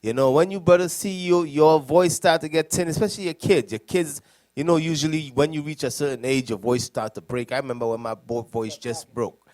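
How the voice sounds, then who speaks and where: A man speaking as a deacon on a preaching panel, animated and storytelling, with laughs and voice impressions. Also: fairly high pitch, a little fast.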